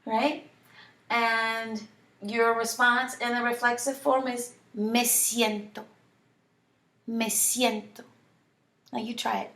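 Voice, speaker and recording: Slow-speaking teacher woman, echoey room. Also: a little high, little pitch movement, fairly bright tone. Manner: slow, drawn-out model phrases for repetition. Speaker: Spanish teacher. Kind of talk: online language lesson. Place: home.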